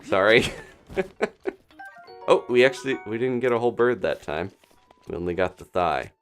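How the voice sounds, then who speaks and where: Man, low voice, lively swings in pitch, chatty live-stream game commentary, faint music behind. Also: clear, resonant tone. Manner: chatty, thinking aloud, quick little laughs. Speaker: gaming streamer.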